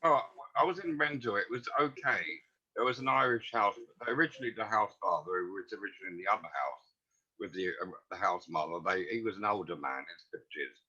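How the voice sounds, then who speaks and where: A man's voice: lowish voice, expressive, fairly quick, sharp tone, breathy edge. A man, recalling the past as a guest in a rambling, earnest way. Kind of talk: casual storytelling. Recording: dull lo-fi audio.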